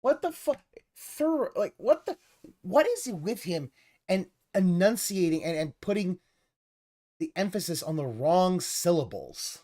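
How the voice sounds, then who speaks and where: Woman stream host, lower voice, very lively swings, sarcastic profane ranting, light music underneath. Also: unhurried. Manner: exasperated, sarcastic, swears a lot, mocking voices. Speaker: stream host reacting to a video. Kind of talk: profane ranting reaction commentary.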